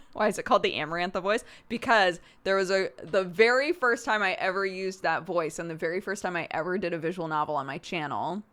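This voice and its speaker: A woman's voice: lowish voice, a little fast, a bit bright. A woman who streams and voice-acts, chatting casually with her viewers and laughing often. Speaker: streamer and voice actor. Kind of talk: casual chat answering chat.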